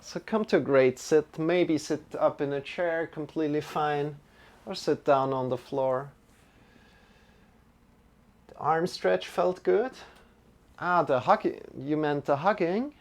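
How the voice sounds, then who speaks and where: A man leading a live-streamed yoga and meditation class, giving gentle, encouraging cues and chatting with viewers between them. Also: on the high side, takes it slowly, pauses often. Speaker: yoga teacher.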